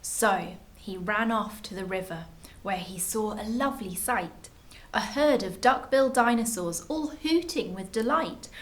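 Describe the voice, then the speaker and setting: A woman reading a children's picture book aloud at a library story time, with lively expression. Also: medium pitch, measured pace.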